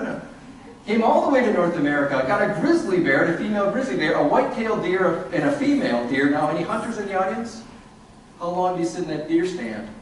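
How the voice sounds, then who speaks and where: A man gives a humorous, sarcastic talk to an audience, animated throughout. His voice is fairly high, picked up by a distant mic in an echoey hall with a little hiss or hum.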